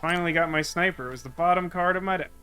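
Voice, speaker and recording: Male streamer, casual play-by-play, thinks aloud and mutters; high-ish, bright tone. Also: very fast, slight background noise. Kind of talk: casual gameplay commentary.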